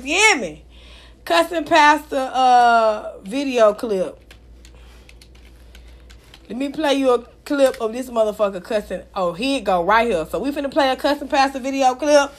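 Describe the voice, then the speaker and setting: A woman hosting a celebrity gossip show, talking in a brash, profane, animated way. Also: high voice. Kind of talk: casual celebrity gossip talk.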